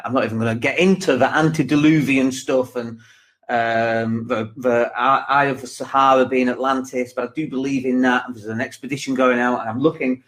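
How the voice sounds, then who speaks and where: A man in his forties hosts his own podcast in a motivational monologue. He talks in a loose, chatty way, full of asides and fillers, and his voice sits at an ordinary middle pitch. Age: 40s. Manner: rambling, conversational, with frequent asides and filler words. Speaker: podcast host.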